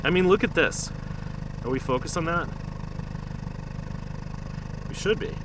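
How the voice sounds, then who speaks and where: Excitable man vlogging outdoors at night. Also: a little high, measured pace, noisy background. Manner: chatty, excitable, talks to the camera. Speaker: trash picking vlogger. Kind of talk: casual vlog narration. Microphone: small camera-mounted mic.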